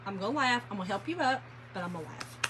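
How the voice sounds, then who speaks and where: A woman's voice: mid-range voice, expressive, racing. A woman hosting a casual livestream, telling stories and laughing while painting furniture. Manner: chatty, laughing storyteller, addresses viewers as y'all. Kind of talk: casual livestream chat to viewers. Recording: workshop noise, sanding and rubbing.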